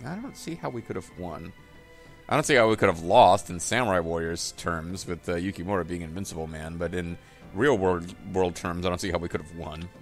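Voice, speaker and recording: A man commentating on a video game he is playing, tossing in goofy, deadpan jokes. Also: sits low, fairly quick, soft background music. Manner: goofy, joking asides in a deadpan tone. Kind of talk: let's-play commentary.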